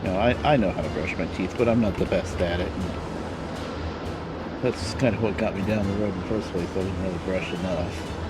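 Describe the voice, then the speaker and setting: Lisping low-voiced man streaming a game, rambling and muttering, music behind. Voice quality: lisp. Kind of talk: casual live-stream commentary while playing.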